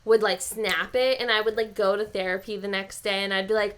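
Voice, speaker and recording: A woman's voice: mid-range voice, fairly even intonation, a little fast, a bit bright. A young woman chatting casually as a podcast guest, laughing often and swearing freely. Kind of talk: casual chat.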